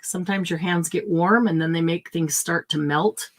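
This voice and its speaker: A woman's voice: on the low side, fairly even intonation, moderate pace, noisy background. Chatty woman hosting a live craft sale. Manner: chatty, thinks aloud while pricing items. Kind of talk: casual live sale chat.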